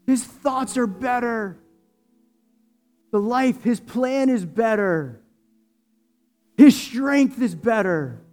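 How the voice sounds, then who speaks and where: A male pastor leading his congregation in prayer before communion, moving from hushed, slow prayer to loud, impassioned preaching. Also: extremely high pitch, lively intonation, faint music behind. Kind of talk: sermon and prayer.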